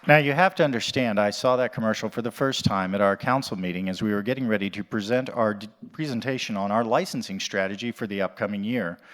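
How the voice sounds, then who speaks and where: A man from the USA, an animal shelter director, giving a conference presentation in a jokey, conversational way and addressing the audience directly. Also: on the low side.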